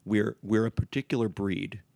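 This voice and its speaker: A man's voice: on the low side, little pitch movement, moderate pace, vocal fry, warm tone, no room sound. A man from the Bronx, a cartoonist guest on a podcast, telling anecdotes in a dry, wry way. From the Bronx, New York. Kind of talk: casual podcast chat.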